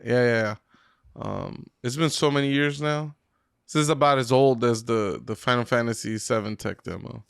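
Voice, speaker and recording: Gravelly-voiced man on a podcast. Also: medium pitch, normal speed, no echo, studio quality. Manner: excitable, chatty gamer talk. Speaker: podcast co-host. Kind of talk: casual chat.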